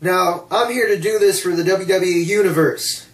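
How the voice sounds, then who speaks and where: A man's voice: high voice, normal speed, far from the mic, lightly acted. A man doing a mocking impression of a boastful male wrestler, hamming up the bragging. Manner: over-the-top, self-mocking boasting. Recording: echoey room, off mic.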